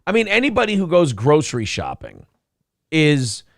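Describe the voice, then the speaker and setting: Male co-host, blunt and profane, animated pitch, dry mic. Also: normal speed, creaky, dry recording. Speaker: morning show co-host. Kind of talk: casual political talk show, reading chat comments.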